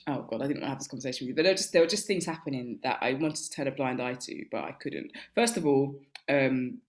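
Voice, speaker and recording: A woman playing a fed-up young royal wife who complains wryly and hesitantly, over a video call. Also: rumbling low.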